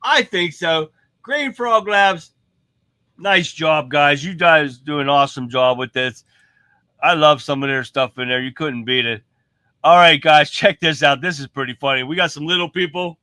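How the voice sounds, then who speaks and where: A host introduces clips in a chatty, folksy tone, a little high and bright for a man. The sound is dry and close, with no room around it. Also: normal speed, no room sound. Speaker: host of a political talk show. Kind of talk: casual show commentary.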